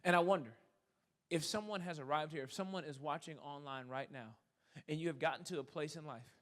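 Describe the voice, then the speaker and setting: A young man preaching a sermon from a church stage. He tells stories in a playful, animated way that builds in excitement. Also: a little high, moderate pace. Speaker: guest preacher. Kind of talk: sermon with storytelling.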